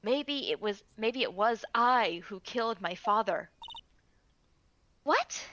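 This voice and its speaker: Haunted young male prosecutor, somber and halting, voiced by a woman reading game text; high, bright tone. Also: lively intonation, highs cut off, slight background noise. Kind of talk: reading game dialogue aloud.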